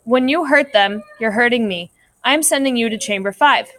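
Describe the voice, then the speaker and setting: A woman's voice: on the high side, normal speed, a bit bright, no room sound, lightly acted. A woman voicing a stern, weary God. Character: stern, weary male God judging sinners. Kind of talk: storybook read-aloud.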